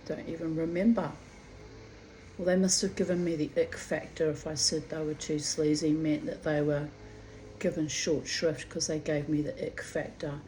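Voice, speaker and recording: A woman's voice: sits low, normal speed, a little hiss or hum, low-quality recording. Chatty woman reading old diaries. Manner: animated, laughing, digressive storyteller. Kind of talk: diary reading with chatty asides.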